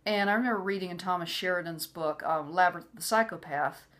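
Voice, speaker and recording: Low-voiced woman telling a personal story. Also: fast talker, a bit bright. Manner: frequent "you know" fillers, acts out quoted voices. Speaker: vlogger sharing personal story.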